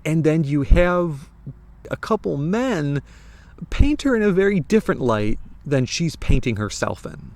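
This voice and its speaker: Animated, chatty American man. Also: fairly high pitch, measured pace, creaky. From United States. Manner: animated, chatty, rambling with restarts. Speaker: book reviewer. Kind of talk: casual talk to camera.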